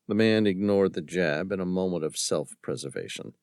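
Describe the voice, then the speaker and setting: A male audiobook narrator reading a thriller novel in a measured, dramatic storytelling manner. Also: low voice, a little mellow, no room sound, clean studio sound. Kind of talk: scripted narration.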